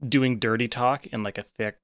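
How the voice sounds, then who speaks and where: A man's voice: mid-range voice, fairly even intonation, normal speed, fairly bright tone, clear, resonant tone. A man hosting a live comedy stream, joking in a wry, dry way.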